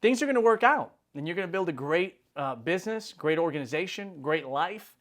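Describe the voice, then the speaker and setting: A man's voice: a little high, animated, a little fast, fairly bright tone. A man in his forties giving a casual, slangy motivational talk as host, often acting out little conversations. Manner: casual, slangy, acts out quoted dialogue. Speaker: insurance business leader and video host.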